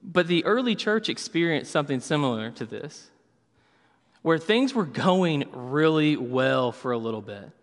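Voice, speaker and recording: Man pastor, slightly high voice, chatty storytelling sermon, big reverberant hall. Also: sing-song, unhurried. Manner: storytelling, casual asides with many fillers.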